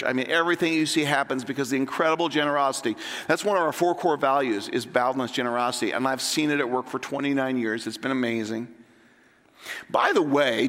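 Bright-voiced man preaching in a hall. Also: on the high side. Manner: energetic, joking and conversational. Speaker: pastor. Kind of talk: sermon.

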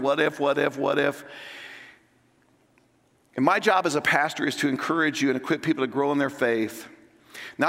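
A middle-aged male pastor preaching a sermon in an energetic, joking, conversational way. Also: mid-range voice, gravelly, big-room sound.

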